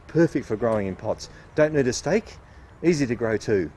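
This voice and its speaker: A man's voice: mid-range voice, lively intonation, normal speed, dark tone, slight background noise. A nurseryman patiently explaining tomato growing outdoors at his nursery, playing the straight man. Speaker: nurseryman host. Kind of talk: casual gardening demonstration.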